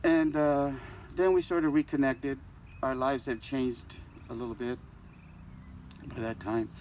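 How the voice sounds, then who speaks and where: An older man stands at a church service to eulogize a dear friend, telling homespun anecdotes. He acts out the back-and-forth dialogue with gentle comic timing. His voice sits in an ordinary middle register. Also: medium pitch, steady tone, measured pace, highs cut off, slight background noise. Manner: folksy and joking, acts out dialogue. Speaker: eulogy speaker, friend of the deceased. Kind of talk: storytelling eulogy.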